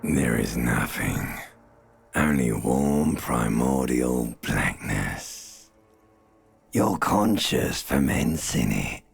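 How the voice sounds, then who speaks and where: An actor voicing an ancient reptilian brain for a video game, a man with a gravelly Cockney accent and a slow, intimate, coaxing way of narrating. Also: a bass voice, animated, heavily acted. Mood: soothing. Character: ancient reptilian brain, male, primal, soothing. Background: faint game music.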